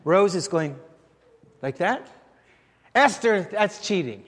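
A man's voice: sits high, lively intonation, slow pace, fairly bright tone. A middle-aged man preaching a sermon as pastor, conversational and full of anecdotes. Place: church sanctuary. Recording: long church reverb.

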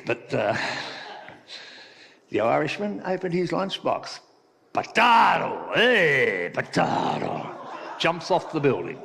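A man preaching a sermon in a conversational storytelling manner, with echoey hall reverb. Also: breathy edge. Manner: conversational storytelling, sometimes soft and low.

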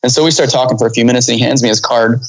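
A man's voice: mid-range voice, steady tone, racing, rough recording. A man in his thirties, a pilot, telling a long story in a casual interview, rambling with many fillers and restarts. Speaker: pilot guest.

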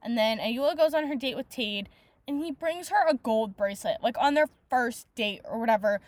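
A woman's voice: on the high side, lively intonation, moderate pace, a little mellow, no echo. A woman hosting a book podcast, ranting in a casual, exasperated way, swearing often and filling her talk with "like". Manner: rants exasperatedly, swears often, many "like" fillers. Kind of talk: casual book review monologue.

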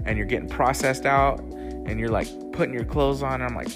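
A man with a medium-pitched voice tells a story from his own life in a loose, casual way. He swears a lot and fills pauses with "like" and restarts, while clear music plays underneath.

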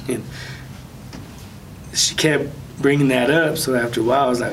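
A man casually recounting a personal story of faith as an interview guest, soft-spoken with light nervous laughs. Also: normal speed. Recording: distant mic with faint low rumble.

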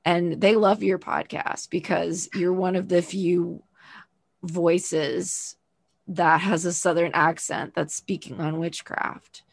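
A woman's voice: lowish voice, fairly even intonation, slow pace, creaky, no room sound, studio quality. A woman podcast host from the US South, talking earnestly and thoughtfully with a guest in a casual interview.

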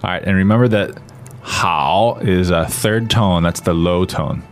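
A man's voice: sits low, unhurried, soft background music. A man explaining phrases conversationally in a podcast language lesson. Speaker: language teacher.

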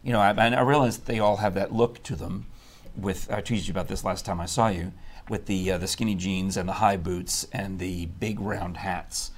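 A man hosting a live studio talk show in a chatty, animated, teasing way. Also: deep voice, moderate pace. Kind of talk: casual live-stream chat.

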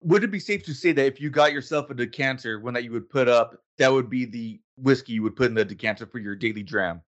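A man's voice: mid-range voice, fast talker, lo-fi sound. Teasing male podcast host. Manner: playful, teasing banter. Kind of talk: casual chat.

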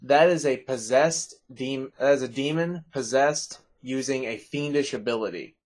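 A man's voice: medium pitch, normal speed, darkish tone. A man running a tabletop game as game master, narrating playfully and laughing at his own twists.

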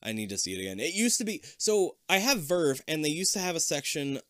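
A young man co-hosting a podcast, chatting casually and reading a kids' book aloud, animated and swearing freely. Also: a little high, fast, no echo, clean studio sound. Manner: animated, swears freely, goes loud when upset.

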